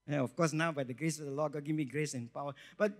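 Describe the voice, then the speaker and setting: A middle-aged man, preaching a sermon in an emphatic way, repeating phrases and swinging between loud and soft. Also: fairly high pitch, quick pace. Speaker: pastor.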